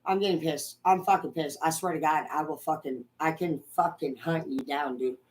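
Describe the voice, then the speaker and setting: A young adult woman from Washington state, angrily ranting to her viewers and swearing constantly, swinging between loud outbursts and low muttering. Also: steady tone, moderate pace, low-quality recording. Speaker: vlogger. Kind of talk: profane ranting monologue.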